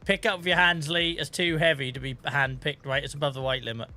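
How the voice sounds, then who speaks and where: His voice is slightly high and sharp, with fairly even intonation and a fairly quick pace. He's a thirty-something streaming a farming game, chatting casually and telling stories while swearing and laughing often.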